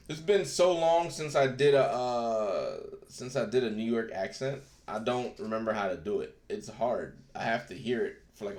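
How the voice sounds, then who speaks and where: A man hosting a live stream, chatting casually with viewers. He swears freely and laughs often. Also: fairly low pitch. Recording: roomy echo.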